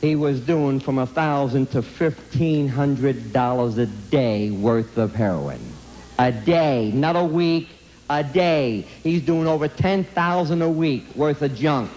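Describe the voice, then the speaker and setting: A man's voice: a little high, darkish tone, poor audio. A man giving an emphatic, blunt anti-drug talk to a school audience, repeating himself and firing direct questions at the listeners. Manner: streetwise blunt phrasing. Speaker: speaker addressing students.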